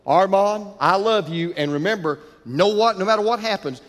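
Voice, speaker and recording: A man's voice: sits high, moderate pace, a bit bright, long reverb tail. A man playing a tender, devoted father. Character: loving father, devoted and promising.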